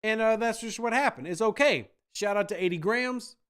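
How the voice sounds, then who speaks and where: Brief: animated male podcast host, slightly high voice, sarcastic banter. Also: normal speed, clear, resonant tone. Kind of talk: casual chat reacting to viewer comments.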